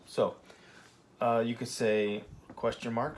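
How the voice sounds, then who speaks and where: A man gives a laid-back lesson as if at a whiteboard. He talks in an easygoing way, pausing with fillers and often checking that the class is following. His voice sits at an ordinary middle pitch. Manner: relaxed, chatty, many fillers and "okay?" checks. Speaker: Spanish teacher.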